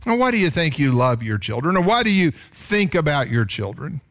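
A male pastor preaching a sermon, his voice jumping up on points of emphasis. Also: normal speed. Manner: animated preaching, pitch rising sharply on emphasis.

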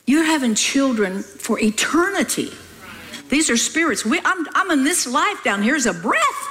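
A woman's voice: high-pitched, very animated, moderate pace, a bit bright, poor audio. Emphatic older woman preaching folksy. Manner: folksy, emphatic, scolding with humor. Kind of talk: sermon.

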